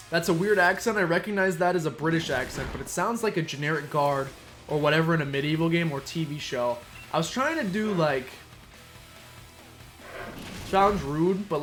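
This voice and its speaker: A man's voice: fairly high pitch, a bit bright. A man giving casual, playful commentary while playing a video game, chatting and muttering asides. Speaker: let's play streamer. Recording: faint game music behind.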